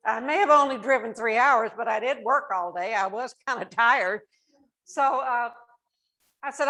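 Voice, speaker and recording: A woman's voice: a little high, normal speed, low-quality recording. An older woman, a nurse, telling families stories from her own life and acting out the dialogue. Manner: warm anecdotal, acts out dialogue. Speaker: nurse and dementia specialist. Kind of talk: storytelling talk to families.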